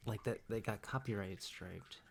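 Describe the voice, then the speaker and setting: Soft-spoken gravelly man, whispering. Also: fairly low pitch, normal speed, slight background noise. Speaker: streamer. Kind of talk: ASMR chat.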